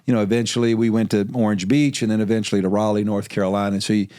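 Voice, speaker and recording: A man's voice: lowish voice, flat delivery, racing, dark tone, clean tone, dry recording, studio quality. A middle-aged man, a basketball coach hosting a podcast, who talks in a chatty, storytelling way before leading into questions. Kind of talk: casual conversational interview.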